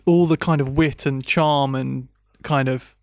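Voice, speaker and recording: A man co-hosting a podcast, chatting casually about films, agreeable and halting with many restarts. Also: mid-range voice, steady tone, no echo, clean studio sound. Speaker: podcast co-host. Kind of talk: casual film review chat.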